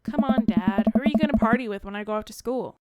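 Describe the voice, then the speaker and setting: A woman voicing a blunt, teasing teenage daughter in a video game, pushy and deadpan. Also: on the high side, fast, lo-fi sound, music in the background, close to an everyday voice.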